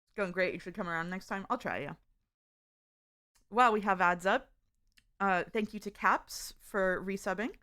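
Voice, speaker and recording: Her medium-pitched voice is bright and forceful, at normal speed with frequent pauses. She's a woman streamer casually chatting with viewers, reading their messages aloud and laughing often in a chatty, giggly manner.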